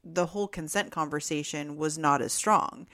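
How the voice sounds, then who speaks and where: A woman's voice: deep voice, moderate pace, fairly bright tone. A woman co-hosting a podcast, chatty and loose, often acting out what other people might say. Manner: chatty, acts out quoted voices, laughs often. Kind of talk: casual podcast discussion.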